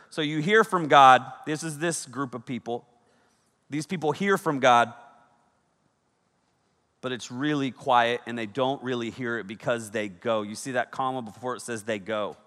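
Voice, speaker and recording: A man in his thirties preaching a sermon, telling stories with energy that swings from loud bursts to hushed, serious points. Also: medium pitch, normal speed. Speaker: pastor. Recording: long hall reverb.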